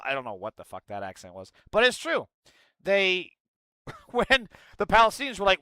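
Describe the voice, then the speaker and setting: A man streaming live, reacting to an interview clip and reading out chat messages, talking in an animated way and swearing often. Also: high-pitched, brisk, clean tone, dry recording, low-quality recording. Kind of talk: casual live-stream commentary.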